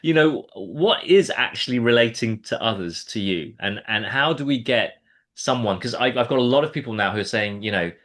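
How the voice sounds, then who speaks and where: A man's voice: medium pitch, animated, moderate pace. A man interviewing a candidate, encouraging and often restarting his words as he talks. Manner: warm encouraging, repeats words when starting sentences. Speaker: exam mentor and interviewer. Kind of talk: casual interview chat.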